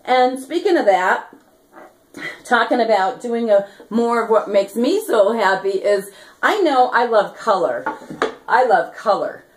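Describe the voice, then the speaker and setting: A woman's voice: on the high side, animated, a little slow, slight background noise. Ranting woman activist vlogger, echoey room. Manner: fiery, ranting, rhyming catchphrases, giggly. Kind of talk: rambling vlog monologue.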